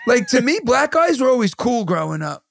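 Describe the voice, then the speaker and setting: A man, chatting casually on a podcast. His voice is high for a man and full of gravel, and the sound is dry and close to the mic. He tells his stories with animation and imitates the people in them. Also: brisk, dry recording. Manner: animated, acts out quoted voices in a vivid retelling. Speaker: podcast host. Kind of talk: casual storytelling chat.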